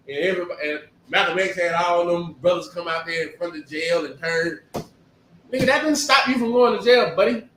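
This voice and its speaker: High-pitched guy preaching casual, lots of rhetorical questions, mic kinda far off. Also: a little hiss or hum. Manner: animated, emphatic, rhetorical questions. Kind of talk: conversational sermon. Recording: echoey room, distant mic.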